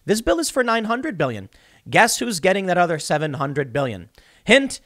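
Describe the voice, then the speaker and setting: Animated sarcastic male commentator. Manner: sarcastic, mocks opponents in high put-on voices. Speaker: political commentator. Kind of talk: solo political commentary.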